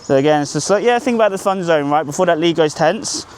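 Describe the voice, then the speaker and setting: A man's voice: on the high side, lively intonation, quick pace. A man working as a dog trainer, coaching an owner outdoors on a group walk. He is upbeat and encouraging, with sing-song praise for the dog.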